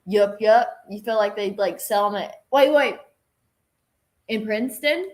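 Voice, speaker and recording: A woman's voice: mid-range voice, normal speed, a little mellow. Young woman anchor, loose and giggly, rambling chatter between segments. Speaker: news anchor. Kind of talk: casual off-air banter.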